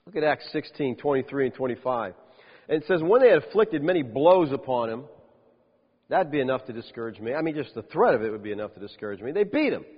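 A man preaching a sermon as a pastor, lively, with rhetorical questions and dry humorous asides. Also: mid-range voice, quick pace, slightly rough. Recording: dull lo-fi sound with long reverb.

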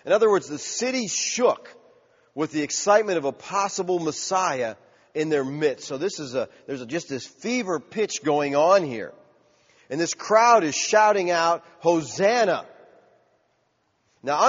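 A man preaching a sermon, asking the congregation questions and building to loud cries. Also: a little high. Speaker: pastor. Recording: dull sound with long hall reverb.

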